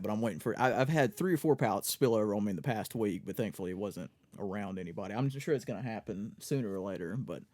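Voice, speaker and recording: A man's voice: fairly low pitch, dry recording. A young man co-hosting a podcast in casual chat, griping about work and quoting people, swearing often. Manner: profane, quotes people in animated voices. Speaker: podcast co-host.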